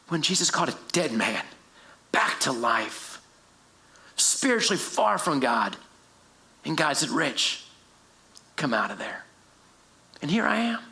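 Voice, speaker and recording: Male pastor, high bright voice, lively preaching in a roomy church hall. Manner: animated, acts out quotes with shifting pitch. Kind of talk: sermon. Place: church sanctuary.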